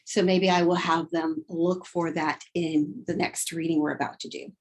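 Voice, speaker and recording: A woman teacher modeling a vocabulary lesson, acting out feelings in her examples and then explaining her method. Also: lowish voice. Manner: expressive, acts out emotions in examples, slow deliberate delivery. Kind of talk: teacher demonstration.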